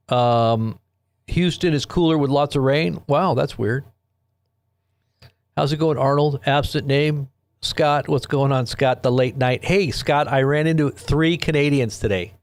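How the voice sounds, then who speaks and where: A man's voice: mid-range voice, unhurried, no echo. A man hosting a late-night live news stream, chatting loosely with viewers and rambling through stories, speaking into his own microphone. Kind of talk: casual live-stream chat, reading viewers' comments. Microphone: own desk microphone.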